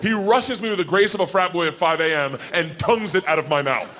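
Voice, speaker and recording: A man in his forties doing stand-up storytelling, loud and animated, yelling the quoted lines. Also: high voice, fast, long reverb tail, noisy background. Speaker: stand-up comedian. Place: comedy stage.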